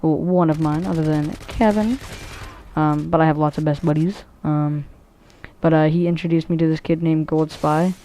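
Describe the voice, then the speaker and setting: Low, mellow woman rambling over gameplay. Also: fairly even intonation, moderate pace, slight background noise. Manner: rambling, profane, many fillers and restarts. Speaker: gameplay commentator. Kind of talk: casual game commentary.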